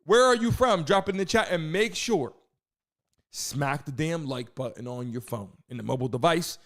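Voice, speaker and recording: A man hosting a live stream, hyping the chat, shouting out viewers and talking loosely with some swearing. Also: medium pitch, moderate pace. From United States.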